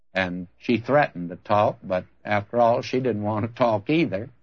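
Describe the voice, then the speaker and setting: An older man, a preacher, telling a story in a sermon and acting out both sides of a conversation in a folksy way. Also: medium pitch. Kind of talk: radio-style sermon with storytelling. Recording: dull lo-fi old recording.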